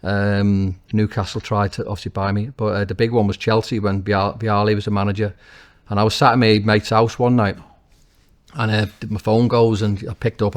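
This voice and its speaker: Animated Liverpool man telling stories. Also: on the low side. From Liverpool, England. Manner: animated storyteller, frequent restarts and swearing. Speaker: guest, former footballer and current manager. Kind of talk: casual interview anecdotes.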